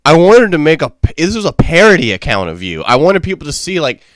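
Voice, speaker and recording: Young male podcast co-host, lively storyteller, profane and rambling, dry close sound. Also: a little high, fairly quick, no echo. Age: 20s. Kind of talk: casual storytelling chat.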